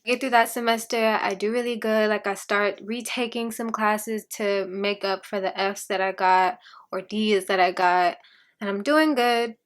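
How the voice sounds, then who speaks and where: A young woman speaks straight to her viewers, sharing a personal faith testimony as a lively, chatty story. She acts out every exchange and slips in laughs between phrases, at a mid pitch for a woman. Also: measured pace. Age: young adult. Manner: animated storytelling, acts out quoted dialogue. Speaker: vlogger.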